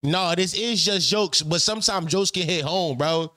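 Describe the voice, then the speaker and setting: A man's voice: high-pitched, moderate pace, pushed and bright, no echo. Profane ranting young man, dry sound. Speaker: reaction streamer host. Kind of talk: casual profane reaction commentary.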